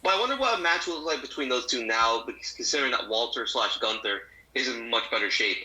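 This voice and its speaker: A man co-hosts a casual podcast, trading wry jokes with his partner. His voice is very bright and sharp, at an average pitch. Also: expressive, quick pace, slight background noise, poor audio. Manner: wry, joking. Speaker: podcast co-host. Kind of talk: casual chat.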